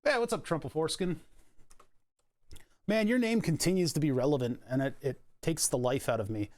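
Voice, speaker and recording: A man's voice: fairly high pitch, darkish tone. A man livestreaming a printer repair, chatting casually and jokingly with sarcastic asides while he works. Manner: joking, sarcastic, chuckles often. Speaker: streamer doing printer repairs. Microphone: headset or desk mic.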